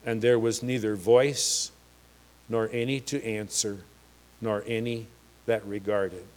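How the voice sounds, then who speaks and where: Slow, emphatic male preacher. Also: fairly low pitch, flat delivery, a little mellow. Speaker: pastor. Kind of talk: sermon.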